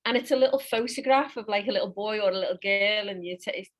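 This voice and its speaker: A woman's voice: mid-range voice, fast talker. A woman, a psychic medium guest, talking in an effusive way and repeating her praise. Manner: warm, effusive, repeats herself. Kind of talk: casual conversation.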